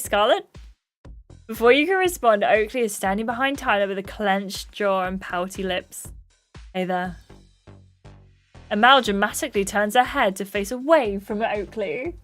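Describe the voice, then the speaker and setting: Woman, streamer, reads game dialogue, chatty, higher voice, faint music behind. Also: a bit bright. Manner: chatty, apologetic, laughs at her own slips. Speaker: streamer playing a story game. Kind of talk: casual livestream commentary and reading game dialogue aloud.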